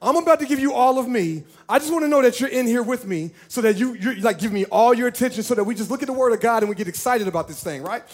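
A man preaching as a pastor, animated and playful, talking directly to his church. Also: very high voice, quick pace, hardly any pauses. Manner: animated, playful, talks to the congregation. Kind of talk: lively sermon.

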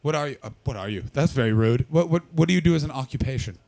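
Hoarse after losing his voice, this stand-up comedian still talks loudly and swears a lot as he works the crowd during his set. He's animated and fast, with sudden jumps up into a shrieking high register.

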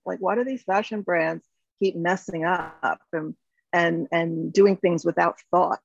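A woman's voice: lowish voice, steady tone, a little slow, gravelly, dry recording. A woman in her fifties from the United States, a company founder talking reflectively in an interview, with many fillers and restarts. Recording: dull, slightly lo-fi sound.

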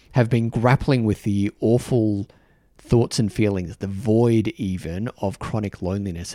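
An Australian man hosts a reflective solo talk, earnest and halting, often stopping to restart his sentences. His voice sits a little low and sounds mellow and dark. The sound is close and dry. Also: no room sound. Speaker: podcast host. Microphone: microphone in front of him.

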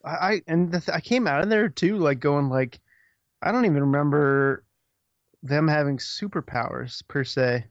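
An excitable man co-hosts a casual podcast chat, swearing and trailing off mid-thought. His voice sits a little high. The recording is dull and lo-fi, with a dry, close sound. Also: moderate pace, no echo. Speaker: podcast co-host.

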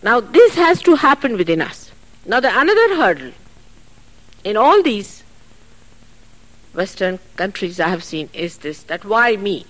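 A woman giving a spiritual talk at a public program, earnest and chatty, with asides and soft laughs, heard on an archive recording. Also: medium pitch, big pitch swings, a little slow, long pauses, low-quality recording. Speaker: spiritual teacher. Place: public hall.

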